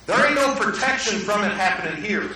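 High-voiced preacher in echoey church. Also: male voice, animated, a little fast, pushed and bright. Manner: conversational, asks the congregation questions. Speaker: pastor. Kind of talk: sermon. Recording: echoey hall, mic at a distance.

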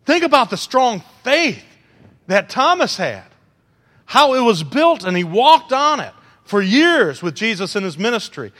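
Speaking in a high, bright voice, a preacher gives an animated but unhurried sermon, teasing his congregation and performing quotes. A long reverb from the church hall trails his words.

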